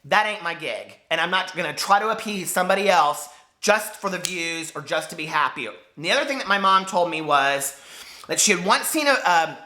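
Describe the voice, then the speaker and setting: A man in his forties with a high, squeaky voice, speaking in an impassioned, hurt vlog rant and swearing as he talks to the camera. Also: lively intonation, a little fast, bright, forceful tone, echoey room. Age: 40s. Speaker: book vlogger.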